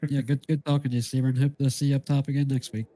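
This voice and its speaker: Fast-talking race booth host, mellow dry voice, friendly. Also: male voice, medium pitch, flat delivery, dry recording. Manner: quick, upbeat, friendly questioning. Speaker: booth commentator interviewing drivers. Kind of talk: post-race interview.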